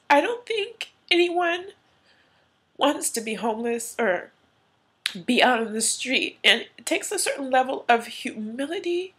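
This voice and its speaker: A woman's voice: a little high, fairly bright tone, breathy edge. A woman vlogger earnestly telling a personal story, tearful at times, in a casual, heartfelt way. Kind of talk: emotional personal story to camera.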